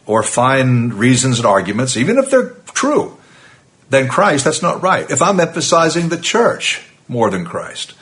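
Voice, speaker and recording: A man's voice: mid-range voice, a bit bright. A man giving an earnest, emphatic sermon in a conversational teaching tone, with occasional fillers. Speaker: preacher.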